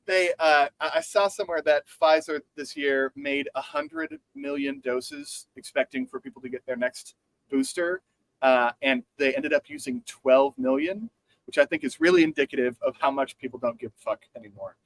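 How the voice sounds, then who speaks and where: Man, podcast co-host, sarcastic, lively pitch, dry sound. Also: moderate pace, gravelly, no echo, rough recording. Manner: animated, sarcastic, swears freely. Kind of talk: casual chat.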